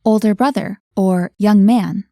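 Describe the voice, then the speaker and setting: A woman hosts a scripted language lesson in a warm, mellow voice. She explains clearly and keeps the lesson moving with guiding questions, heard dry and close to the mic. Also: mid-range voice, unhurried, no echo.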